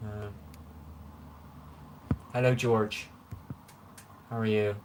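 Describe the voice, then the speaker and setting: A man's voice: on the low side, level tone, drawn-out words, darkish tone, a little hiss or hum. West country bloke in his 40s, rambly live chat from his room, answers comments as they come. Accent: West Country English. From England. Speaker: livestream host. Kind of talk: casual live-stream chat. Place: room at home.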